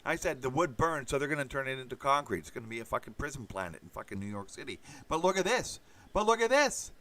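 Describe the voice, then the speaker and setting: A man's voice: medium pitch, animated, quick pace, bright, forceful tone. A man hosting a casual monologue, rambling and swearing, with many fillers. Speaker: host.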